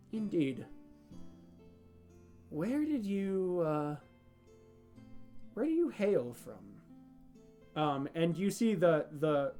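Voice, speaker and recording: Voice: medium pitch, dark tone. A game master narrating a homebrew tabletop game in a rambling, hesitant way, full of fillers and restarts.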